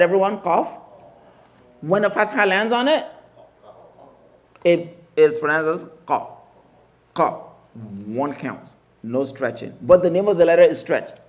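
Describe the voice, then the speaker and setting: A man teaching Arabic letters in a mosque class, slowly drilling each sound and repeating the spelling emphatically. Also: high-pitched. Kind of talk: classroom lesson.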